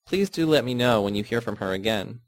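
A man's voice: mid-range voice, animated, brisk, close to an everyday voice. Man voicing a gushing, tearful woman teacher. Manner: gushing, emotional.

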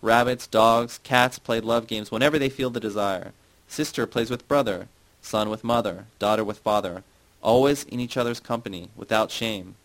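A drunk, impulsive young woman, voiced by a man reading aloud. She insists and pleads, pushing hard for what she wants. The delivery stays in a low storyteller's register. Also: moderate pace, fairly bright tone, poor audio. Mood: insistent.

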